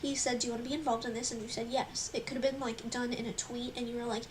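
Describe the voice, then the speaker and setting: A woman's voice: on the high side, flat delivery, fast, far from the mic. A young woman in casual chat, teasing and giggly. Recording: faint background noise.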